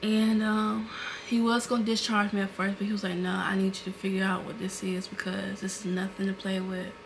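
A young woman retells an emotional story for her vlog at a brisk pace, her medium-pitched voice creaky and her delivery casual, animated, and filler-heavy. It's recorded indoors at home on a camera mic, with a little hiss or hum.

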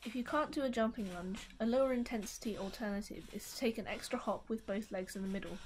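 Young woman, calm instructor voice-over, clear and encouraging, faint hiss behind. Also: a little high, fast. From United Kingdom. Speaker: taekwondo stretching instructor.

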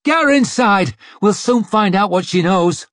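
A man's voice: high-pitched, expressive, measured pace, fairly bright tone, no echo, studio quality, voice pushed up. A man voicing a brutal mob of male rioters barking threats. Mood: menacing.

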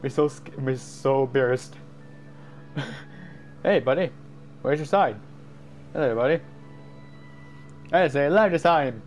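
A man giving jumpy, excited commentary while playing a game, easily startled and laughing at himself. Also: mid-range voice, unhurried, pauses often, soft background music. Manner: jumpy, screams and laughs at scares, self-mocking. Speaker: gamer.

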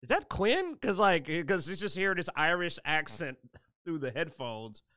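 A man's voice: a little high, expressive, normal speed, sharp tone, clear, resonant tone, no echo, studio quality. A man co-hosting a podcast, teasing and making self-deprecating jokes in playful banter. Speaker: podcast co-host. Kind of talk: joking banter.

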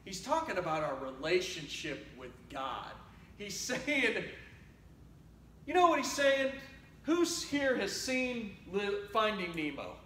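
A man preaches in a high, light voice, moving from loud exhortation to quiet, close asides. His sermon sounds conversational. It is picked up from a distance in an echoing church with faint room noise behind. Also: very animated, slow. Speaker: pastor. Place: church sanctuary.

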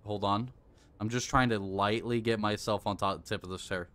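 A man's voice: fairly low pitch, fairly even intonation, moderate pace, fairly bright tone. A man streaming a video game live, coaching himself aloud and swearing when it goes wrong. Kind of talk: casual live-stream commentary.

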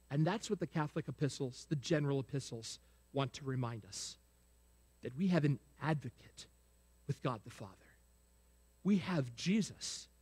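A man's voice: fairly high pitch, darkish tone, breathy edge. A man pastor preaching a sermon. He asks the congregation questions over and over and prompts them to answer. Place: church sanctuary. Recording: long reverb of a church sanctuary.

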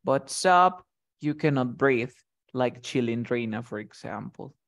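A man's voice: mid-range voice, lively intonation, a little slow, fairly bright tone. A man teaching vocabulary with acted examples. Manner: explains words with acted example lines, checks in often. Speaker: English teacher. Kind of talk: vocabulary lesson conversation.

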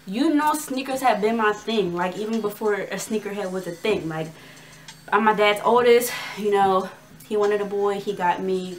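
A woman's voice: mid-range voice, slight background noise. A young woman vlogging, telling a story casually to the camera in a chatty, slangy way and acting out the dialogue with energy.

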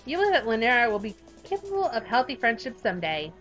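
A high-voiced young woman reading game text aloud in a playful, giggly way. Soft music runs faintly behind her. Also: big pitch swings, quick pace. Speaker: gaming YouTuber. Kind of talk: reading a visual novel aloud and chatting.

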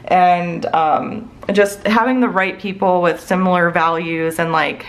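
A woman in her thirties talks in a loose, chatty way from her home office, her sentences wandering and padded with fillers. Her voice sits on the lower side. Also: steady tone, a little slow, poor audio. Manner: rambling, many fillers like "like" and "you know". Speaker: planner vlogger. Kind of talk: casual chatty plan-with-me talk.

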